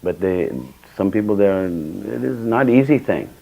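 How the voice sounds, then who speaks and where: A man's voice: on the low side, expressive, a little slow, creaky, narrow, tinny audio. An older man giving a temple scripture class, telling personal stories and acting out the dialogue with sudden bursts of emphasis. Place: temple hall.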